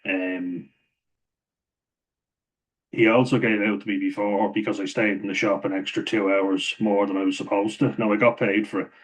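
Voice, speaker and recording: A man's voice: on the low side, fairly even intonation, moderate pace, low-quality recording. A man telling a casual story about his past work, rambling with frequent chuckles and fillers. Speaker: vlogger.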